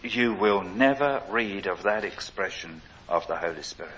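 Older male preacher, slow husky delivery, earnest storyteller with emphatic swells, dull lo-fi recording. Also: fairly low pitch, animated, fairly bright tone. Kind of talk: sermon.

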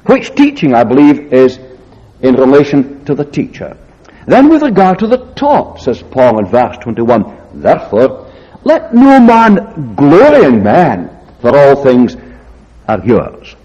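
A man preaching an expository sermon, solemn and deliberate, slowing down to read scripture aloud. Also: medium pitch, very animated, warm tone. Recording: echoey hall, dull lo-fi sound.

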